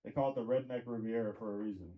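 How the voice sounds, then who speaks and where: A man's voice: medium pitch, steady tone, racing, narrow, tinny audio. A man from Tennessee doing a rambling stand-up comedy set in a comedy club, with crowd work and lots of fillers.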